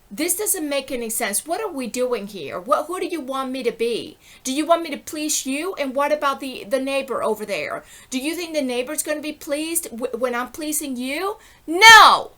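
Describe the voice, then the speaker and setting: High, bright-voiced indignant woman. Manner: indignant, rambling, repeatedly asks "okay?". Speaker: vlogger. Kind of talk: impassioned personal monologue.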